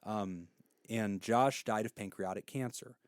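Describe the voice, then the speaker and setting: A man's voice: on the low side, a little slow, dry recording, clean studio sound. A man in his thirties hosting an advice podcast, telling stories and giving counsel in an earnest, heartfelt way.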